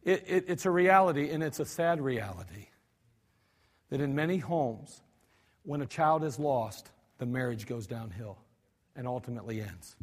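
A male pastor preaching a sermon, animated, acting out cries and mock cussing with frequent restarts. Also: mid-range voice, moderate pace. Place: church sanctuary. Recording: archived service recording with long hall reverb.

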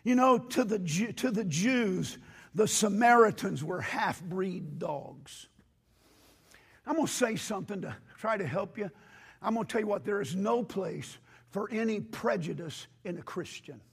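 A male pastor preaching a sermon in a church with impassioned, rising delivery, hoarse from losing his voice. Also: high voice, expressive, measured pace.

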